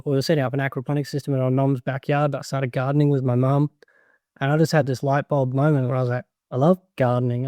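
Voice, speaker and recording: Guest: man, mellow tone, dry close recording, earnest and rambling. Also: mid-range voice, no room sound. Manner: earnest, rambling, frequent fillers and restarts. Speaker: podcast guest, grower and educator. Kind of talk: casual interview chat.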